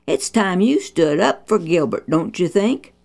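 A woman's voice: fairly low pitch, big pitch swings, unhurried, gravelly, a little mellow, heavily acted. Woman playing a firm, patient storybook mother. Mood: teaching. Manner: patient, instructive, mildly scolding. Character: gentle but firm Christian mother.

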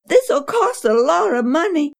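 A woman voicing a frightened village mother in a children's story, wailing in a high upset voice. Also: very animated, unhurried, creaky, full character voice.

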